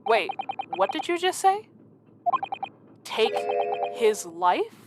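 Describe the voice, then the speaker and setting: A woman streamer chatting in a casual, gushing way as she plays, reading game dialogue aloud at an unhurried pace. Game music plays clearly underneath her voice. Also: a little high, very animated. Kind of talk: casual let's-play commentary. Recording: voice over loud game music.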